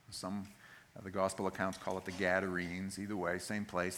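Male pastor, lower voice, relaxed conversational sermon style. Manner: conversational, plain-spoken preaching with quick scripture readings.

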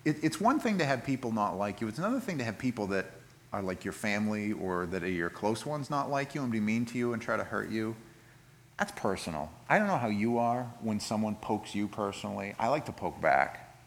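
A man preaching a sermon, animated, rising loud for emphasis and dropping quiet for scripture. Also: on the low side, a little fast, a little hiss or hum. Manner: expressive, acts out voices in quotes, swings from loud emphasis to quiet reading.

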